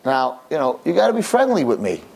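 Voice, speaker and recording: A man's voice: medium pitch, huge pitch swings, fast talker, vocal fry, darkish tone. A man voicing a cheerful, legless old man in a nursing home, talking in an eager, upbeat, chatty way.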